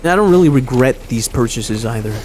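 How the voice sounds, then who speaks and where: A man's voice: mid-range voice, expressive, fairly quick, a little mellow, slight background noise. A man giving rambling, self-mocking commentary while replaying an old video game match. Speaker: gaming commentator. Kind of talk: casual gameplay commentary.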